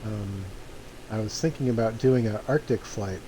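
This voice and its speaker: A laid-back man chats loosely while he plays a flight game, his mid-pitched voice mellow and relaxed. His talk wanders and he chuckles now and then. A faint hum sits under the desk-mic sound. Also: moderate pace, poor audio. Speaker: streamer playing a flight simulator. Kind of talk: casual gameplay commentary.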